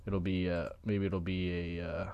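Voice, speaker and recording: A man's voice: sits low, little pitch movement, normal speed, a little mellow, clean tone, no room sound, muffled recording. A man from Ohio co-hosting a casual chat, rambling with fillers and hedges. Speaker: podcast co-host. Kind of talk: casual chat over beers.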